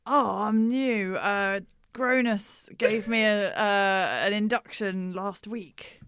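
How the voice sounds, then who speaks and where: A woman playing a tabletop game, deadpan with giggles. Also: mid-range voice, takes it slowly, a little hiss or hum. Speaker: player. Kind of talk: tabletop role-play banter.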